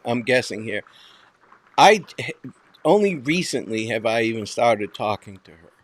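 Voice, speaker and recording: A man with a Boston accent hosting a casual online talk show, speaking bluntly with lots of swearing and rambling asides. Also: medium pitch. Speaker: host.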